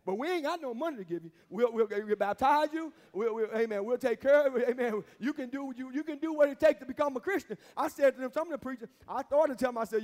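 High-voiced preacher in echoing church. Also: male voice, quick pace, few pauses, darkish tone. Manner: emphatic call-and-response preaching, repeating phrases. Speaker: pastor. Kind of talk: sermon. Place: church sanctuary. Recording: long reverb of a church hall.

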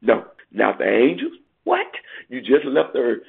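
A man's voice: mid-range voice, huge pitch swings, measured pace, vocal fry, breathy edge. A man preaching a sermon, quoting scripture and climbing in emphatic bursts. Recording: tinny phone-like sound.

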